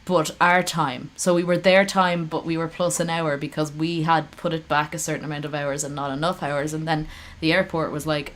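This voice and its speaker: A woman's voice: deep voice, brisk, slight background noise. A woman streaming live, reacting to a call with sarcastic, profane, rambling commentary.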